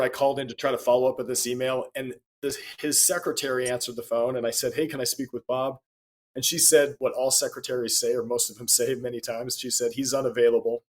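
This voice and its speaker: A man being interviewed as a guest, telling a personal anecdote in a conversational way, acting out quoted dialogue and laughing between points. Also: medium pitch. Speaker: podcast guest, speaker and author.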